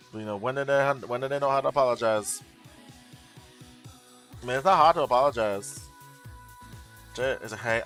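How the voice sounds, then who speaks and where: Swearing freely, this man runs a casual tarot livestream, bluntly ranting in exasperation and responding to comments from chat. He has a medium-pitched voice with a fairly bright tone.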